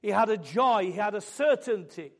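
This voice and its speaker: A man preaching a sermon, building fervently into loud, emphatic declarations. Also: high-pitched, expressive, normal speed.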